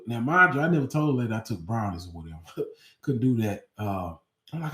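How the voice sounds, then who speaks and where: A man hosting a podcast, telling a story in a casual, slangy and profane way, acting out his own panicked younger self in a high voice. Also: a little fast. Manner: animated, acts out his own panicked past voice in a high pitch. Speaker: podcast host. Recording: roomy echo.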